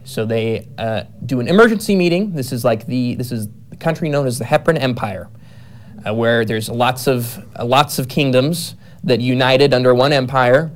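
A man talking casually in a voice of middle pitch. He rambles, restarting sentences and piling up fillers as he goes. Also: normal speed. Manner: rambling, many fillers and self-corrections. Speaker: writer describing his novel. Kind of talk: casual chat.

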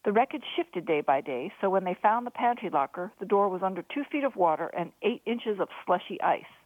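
Female author-narrator, steady storytelling, thin phone-like dry sound. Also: mid-range voice, a little fast, no room sound. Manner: steady storytelling, lively voices for dialogue. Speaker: author reading her own novel. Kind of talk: audiobook narration.

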